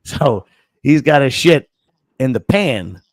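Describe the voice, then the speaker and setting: A man's voice: medium pitch, slow, no echo. A man hosting a casual podcast chat, telling a story full of swearing and acting out the people in it. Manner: profane, animated storyteller acting out quotes. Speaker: podcast host.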